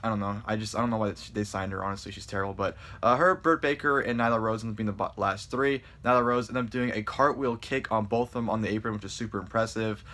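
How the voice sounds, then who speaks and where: A man giving a casual spoken review, excitable and rambling, stumbling over his words and swearing freely. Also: lowish voice, fast, few pauses. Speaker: wrestling show reviewer.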